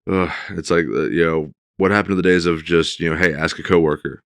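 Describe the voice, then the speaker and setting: A man's voice: deep voice, fairly even intonation, a little fast, gravelly, a bit bright, clean tone, no room sound, studio quality. A middle-aged man co-hosting a casual chat, rambling through his points with plenty of fillers. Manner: rambling, many fillers like "you know". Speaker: podcast co-host.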